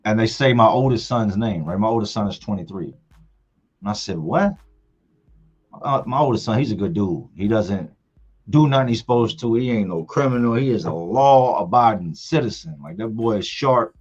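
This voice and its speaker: A man in his forties, hosting a livestream, telling a personal story in a casual, emphatic, animated way. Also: on the low side, fairly quick, husky. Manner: emphatic, animated retelling with colloquial speech. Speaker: livestream host. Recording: muffled audio with faint music.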